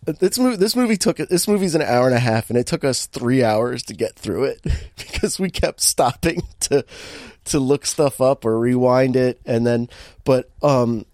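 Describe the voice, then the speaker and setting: A podcast co-host with a mid-range voice chats casually at a normal speed, recapping a bad movie and laughing often as he tells it. His storytelling is animated, with many restarts, and the recording is dry with clean studio sound.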